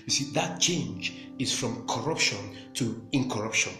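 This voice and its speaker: A man's voice: mid-range voice, moderate pace. A man preaching a sermon with emphasis, repeating phrases and breaking into praise. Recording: echoey room with music behind.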